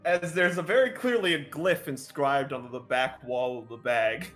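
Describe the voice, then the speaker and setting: A man's voice: mid-range voice, normal speed, a bit bright, soft background music. A man running a tabletop game as dungeon master, narrating the scene and often breaking into laughs. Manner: laughing often, stalls with "hold on".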